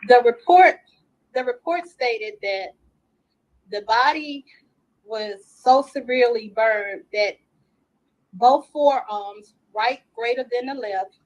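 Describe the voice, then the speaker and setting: A woman's voice: fairly high pitch, slow pace, long pauses, low-quality recording. A middle-aged woman, a grieving mother, earnestly recounting details at length in a recorded interview.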